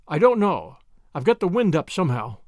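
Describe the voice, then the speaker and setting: A man's voice: on the high side, very animated, brisk, a little mellow, dry recording, clean studio sound. A male narrator voicing a nervous, doubtful young British adventurer in an audiobook. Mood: uneasy. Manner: doubtful and uneasy.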